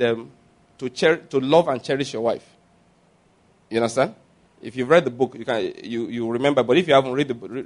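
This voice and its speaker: A man preaching a sermon, telling stories and acting out the people he quotes with bursts of laughter. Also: medium pitch. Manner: animated, acts out quoted voices with laughter. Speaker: pastor.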